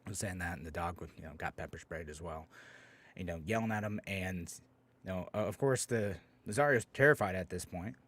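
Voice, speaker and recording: A man's voice: low-pitched, fairly quick, a bit bright. A man hosting a call-in radio talk show, speaking casually with many fillers and restarts.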